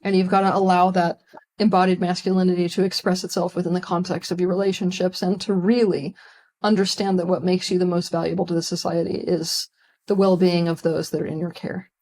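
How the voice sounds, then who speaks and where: A woman's voice: fairly low pitch, level tone, fairly quick, a little mellow. A woman talking as a guest on a podcast, speaking emphatically and with passion. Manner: emphatic, impassioned. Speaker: guest, spiritual teacher. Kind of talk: casual interview conversation.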